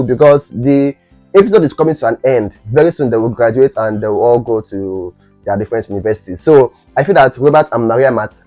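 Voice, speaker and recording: A man's voice: medium pitch, warm tone, no room sound. A young man from Nigeria, casually reviewing a series episode and rambling with many fillers and restarts.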